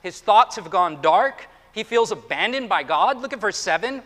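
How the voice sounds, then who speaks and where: A man's voice: high-pitched, animated, normal speed, few pauses, a bit bright. A man preaching a Sunday sermon, emphatic and reading scripture with drama. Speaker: pastor. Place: church sanctuary. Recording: echoey hall.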